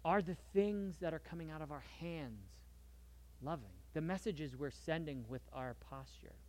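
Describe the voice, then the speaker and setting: A man preaching a sermon in a conversational way, moving between soft asides and lively emphasis. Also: a little high, normal speed, slight background noise. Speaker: pastor.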